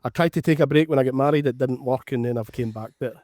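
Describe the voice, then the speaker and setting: A middle-aged man with a broad Scottish accent talks casually as a podcast guest. He is chatty and jokes at his own expense. The sound is dry and close, at an average pitch. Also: fast talker, darkish tone, dry recording. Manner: self-deprecating, chatty. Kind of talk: casual chat.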